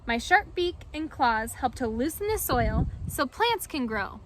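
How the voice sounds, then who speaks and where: A woman voicing a chatty, friendly hen in a children's picture book read-aloud, bright and lively. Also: high-pitched, measured pace, background noise. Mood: cheerful. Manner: cheerful, storybook read-aloud.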